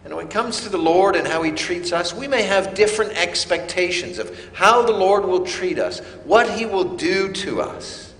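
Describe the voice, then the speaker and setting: A man preaching a sermon, slow and emphatic with dramatic pauses. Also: sits high, expressive, fairly bright tone, roomy sound, long reverb tail. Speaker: pastor.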